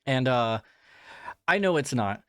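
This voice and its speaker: A man's voice: mid-range voice, expressive, slow pace, a bit bright, smooth, no echo, clean studio sound. Rambling, foul-mouthed male podcast host. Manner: rambling and profane, with frequent restarts and filler; self-deprecating, laughing at himself. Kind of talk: casual storytelling to the audience.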